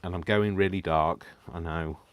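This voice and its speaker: Giddy, rambling man with a deep voice. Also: fairly even intonation, moderate pace. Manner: giddy, rambling, self-mocking, laughs to himself. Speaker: crafting livestream host. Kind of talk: casual live crafting chat.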